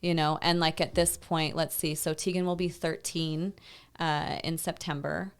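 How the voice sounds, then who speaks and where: A woman's voice: low-pitched, little pitch movement, moderate pace, clear, resonant tone. A woman in her thirties, a podcast guest, tells a painful personal story in a rambling conversational way, full of "like" and "you know.". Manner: intense, reliving a painful memory.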